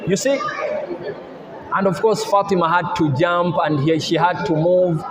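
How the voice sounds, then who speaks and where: A man preaching a sermon, retelling stories in an animated way and asking his listeners rhetorical questions. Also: high voice, unhurried, crowd noise. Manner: animated storytelling, mixing languages, rhetorical questions. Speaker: Islamic preacher. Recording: echoey hall with long reverb.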